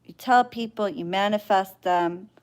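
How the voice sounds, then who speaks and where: Woman, blunt and fed up, weary livestream rant, swears freely, mid-pitched voice. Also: unhurried, a little mellow, clear, resonant tone. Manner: blunt, exasperated, profane; sighing and weary. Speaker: spiritual practitioner and spell caster.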